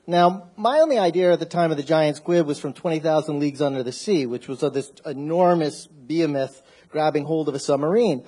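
A man telling a personal story on stage in a measured, wry narrative way. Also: a little high, mellow, slightly rough.

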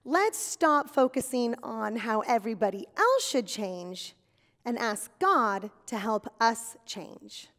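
A woman giving a children's sermon at church, telling stories in an animated, exaggerated way for kids. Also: fairly high pitch, slow pace. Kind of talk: kid's sermon with acted skit. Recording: long reverb in a hall.

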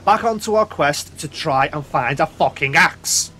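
A man's voice: a little high, lively intonation, a little slow, bright, forceful tone. A man with a sweary, exasperated manner, commentating his own gameplay and talking back to the game. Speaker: gaming YouTuber.

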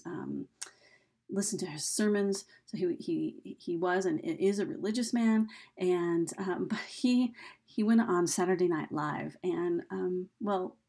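Husky, creaky-voiced woman teaching. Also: lowish voice, darkish tone. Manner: casual, chatty explaining with frequent fillers. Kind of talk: recorded video lesson.

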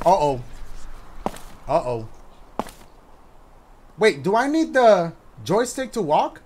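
A man giving loud, excitable commentary as he plays a horror video game, shouting reactions and cracking jokes. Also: sits high, slow, long pauses, slight background noise. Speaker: gaming YouTuber. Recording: music playing behind the voice.

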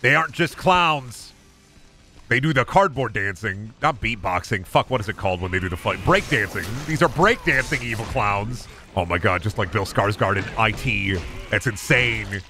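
A man doing casual, profane gaming commentary, breaking into loud angry outbursts and jokey rants. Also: fairly low pitch, lively intonation, normal speed, faint music behind. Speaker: gaming streamer.

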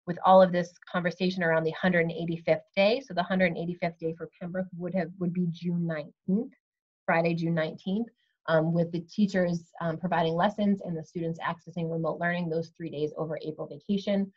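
A woman school official, giving measured updates on a video call with many ums. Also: fairly low pitch, lo-fi sound. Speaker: school superintendent. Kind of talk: virtual meeting update.

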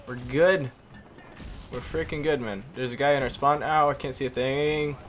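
A hoarse young man giving excitable gameplay commentary, groaning and exclaiming at his teammates. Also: mid-range voice, normal speed. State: hoarse, losing voice. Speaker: gaming YouTuber. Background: faint gunfire from the game.

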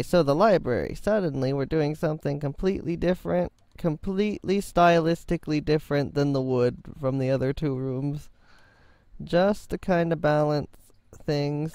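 A man's voice: a little high, a little mellow, dry recording, studio quality. A man giving rambling, self-mocking, jokey commentary while building in a game. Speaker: game video host. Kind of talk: casual gameplay commentary.

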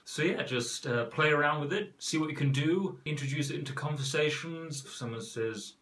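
A man's voice: fairly high pitch, normal speed, few pauses, a bit bright. A man hosting a jokey voice tutorial, talking in a playful, rambling, self-mocking way. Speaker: host.

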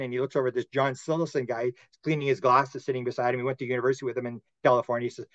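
A man's voice: medium pitch, level tone, racing, hardly any pauses, dry recording, muffled recording. A man, a podcast guest and author, telling long stories in casual interview talk, with many restarts and repeated words. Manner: rambling storyteller with frequent restarts.

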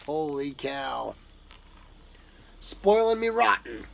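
A man's voice: on the high side, sing-song, slow, creaky, fairly bright tone. A man opening a gift box of pipe tobacco and coffee, talking casually to his viewers with enthusiastic drawled exclamations. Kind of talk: casual unboxing talk to camera.

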